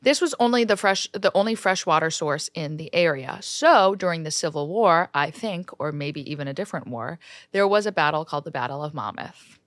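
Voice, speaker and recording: A woman's voice: low voice, expressive, fairly quick, no echo. A young woman from New Jersey, co-hosting a podcast, telling a spooky story in a brash, joking way and swearing freely. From New Jersey, USA. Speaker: podcast co-host. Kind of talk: casual chat, storytelling.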